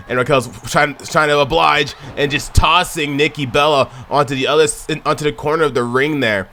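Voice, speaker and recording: Bright-voiced excitable man calling wrestling. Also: mid-range voice, fast talker, hardly any pauses, slight background noise. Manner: excitable, shouts at near-falls; chatty, addresses viewers as y'all. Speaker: video game commentator. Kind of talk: play-by-play wrestling commentary.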